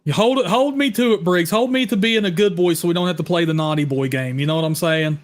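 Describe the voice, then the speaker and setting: A man hosting a live horror chat stream, loud and teasing, with shouted bursts. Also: high voice, fast talker. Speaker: host.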